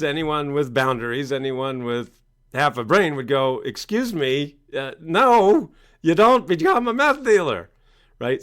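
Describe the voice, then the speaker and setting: Male speaker and coach, animated storyteller, mid-pitched voice, chatty interview answer. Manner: animated storytelling, acts out quoted parents loudly.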